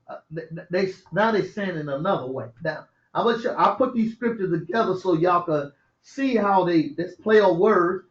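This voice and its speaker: A man teaches scripture in a preacher's style, reading verses slowly before explaining them casually and conversationally, often chuckling to himself. His voice sits high. The lo-fi recording sounds roomy and dull.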